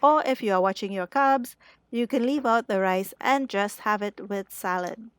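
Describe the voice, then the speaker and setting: A woman, the host of a cooking channel, giving calm step-by-step narration over a recipe. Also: mid-range voice, moderate pace, slight background noise.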